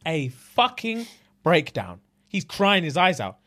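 With a voice on the high side and a normal speed, this podcast co-host from London spins a story casually and energetically. He impersonates the people he quotes in shifting voices and swears plenty.

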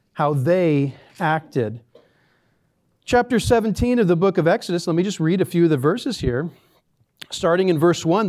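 A man's voice: on the high side, darkish tone. A man preaching a sermon as a pastor in a church, conversational and dryly sarcastic. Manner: conversational, dry sarcastic humor.

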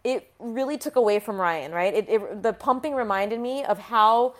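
A woman's voice: on the high side, normal speed. A woman physician, in her thirties, telling a personal story frankly and emotionally, often restarting her sentences. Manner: frank and emotional, with frequent restarts and some profanity.

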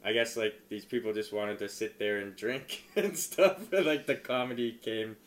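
A man telling a stand-up story in casual chat, laughing often, filling with "like" and moving from low mumbling to loud excited retelling. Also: moderate pace. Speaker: stand-up comedian.

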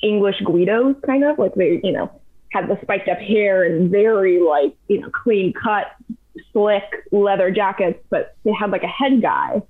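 A young adult woman telling a long story in casual, animated chat, full of fillers. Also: mid-range voice, measured pace. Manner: chatty, animated, heavy use of "like". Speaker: podcast guest. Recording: tinny phone-like audio.

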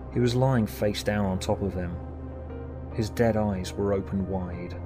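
A man with a fairly low voice narrates a horror tale, slow and dramatic. He reads it in measured, deliberate sentences. Music plays clearly beneath his voice. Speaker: storyteller.

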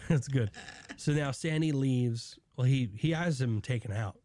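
A man co-hosting a casual podcast, recapping a TV episode and slipping into quick impressions of the characters' lines. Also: medium pitch, warm tone, a little hiss or hum. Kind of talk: casual chat.

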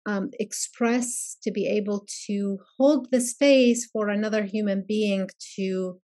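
A woman professor as a podcast guest, speaking thoughtfully and pausing often to find her words. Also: medium pitch, steady tone, dark tone. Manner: thoughtful, searching for words with pauses. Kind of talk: casual conversational interview.

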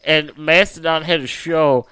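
A man's voice: on the high side, a little slow, clear, resonant tone, dry recording. A young man in casual chat, telling stories with lots of slang and swearing. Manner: animated storytelling, heavy slang and swearing.

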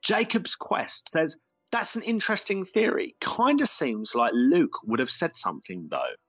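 A man co-hosting a casual podcast, reading listener messages aloud and reacting in a relaxed way. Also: fairly high pitch, measured pace, breathy edge, dull audio. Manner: relaxed, reads listener comments aloud with lively intonation. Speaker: podcast co-host.

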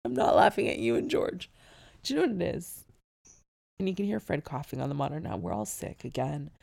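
Giggly woman host reading emails on a podcast, lively up-and-down voice, bit of vocal fry. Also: deep voice, a little fast. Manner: giggly, keeps breaking into laughter while reading. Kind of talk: casual podcast chat, reading listener emails.

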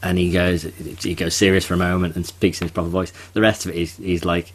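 A man co-hosting a casual podcast, chatty with quick asides and laughing at his own jokes. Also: sits low, little pitch movement. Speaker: podcast co-host.

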